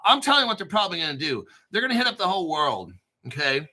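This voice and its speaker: A man hosting a crypto commentary stream, talking sarcastically with dramatic asides and frequent throat clearing. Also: high voice, sing-song, quick pace, pushed and bright, low-quality recording. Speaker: crypto channel host.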